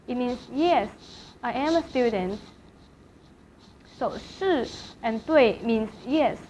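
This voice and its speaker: A woman language teacher gives a slow classroom lecture, repeating each word slowly and carefully to model tones. Her voice is on the high side, expressive, and darkish in tone, and the recording sounds slightly dull with faint hiss.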